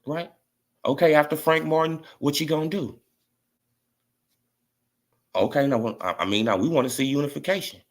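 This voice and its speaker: A boxing commentator vlogger whose voice sits on the high side speaks at normal speed and pauses often. His casual opinion rant is mocking and repetitive, dotted with "right?" and "you feel what I'm saying."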